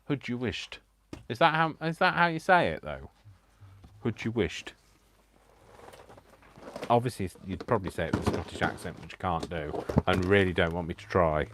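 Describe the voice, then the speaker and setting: Lively-pitched man chatting while crafting. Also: fast talker, background noise. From United Kingdom. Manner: chatty, self-mocking, laughs often. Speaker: crafting channel host. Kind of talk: casual live craft stream.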